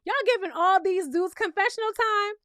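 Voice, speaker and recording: A woman's voice: very high voice, normal speed, a bit bright, a little hiss or hum. A woman with a New York accent who is from Brooklyn, recapping a reality show in a sassy, chatty way and often asking the viewer "okay?".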